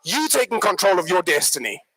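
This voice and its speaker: A man giving a live motivational workshop talk, an animated, joking storyteller who addresses the audience directly. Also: sits high, fairly quick, low-quality recording. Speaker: workshop speaker.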